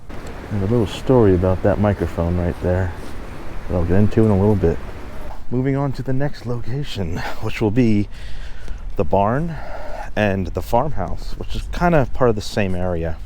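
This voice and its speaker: A man's voice: on the low side, darkish tone, a little hiss or hum. A man casually telling history on location outdoors, rambling and chatty with lots of fillers and asides. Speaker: history vlogger and tour host.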